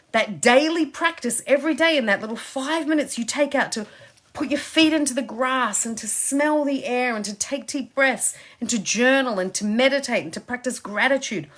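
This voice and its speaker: Woman life coach on a live stream, bright lively pitch, emphatic, casual. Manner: emphatic and chatty, repeats phrases for stress. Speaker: success coach. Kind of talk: motivational Facebook Live talk.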